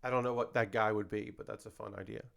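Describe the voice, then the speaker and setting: A man's voice: on the low side, fairly even intonation, quick pace, creaky, fairly bright tone. A male comedian and host in casual chat, rambling and self-deprecating as he talks through his ideas.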